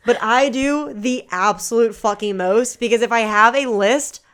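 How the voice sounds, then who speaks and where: A woman co-hosting a casual fitness podcast, blunt and teasing, talking fast and swearing freely. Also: on the high side, a bit bright, clean tone. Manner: blunt, profane, teasing, rapid. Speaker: podcast co-host, coach. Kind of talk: casual chat.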